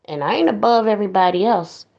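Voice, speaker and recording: A woman's voice: medium pitch, fast talker, vocal fry, darkish tone, muffled recording. A woman host giving a blunt, preachy commentary monologue, mocking others in put-on voices.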